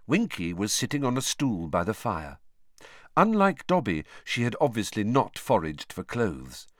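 Guy reading a story out loud, lots of lively ups and downs, close dry sound. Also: lowish voice, a little slow, no room sound. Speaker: audiobook narrator. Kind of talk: scripted narration.

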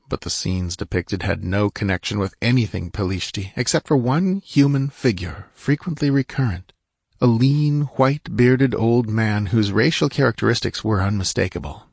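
A man reading an adventure story aloud in steady scripted narration, lifting his voice for shouted lines. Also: moderate pace, husky, dry recording, studio quality. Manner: steady storytelling, raising pitch and volume for shouted dialogue. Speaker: audiobook narrator.

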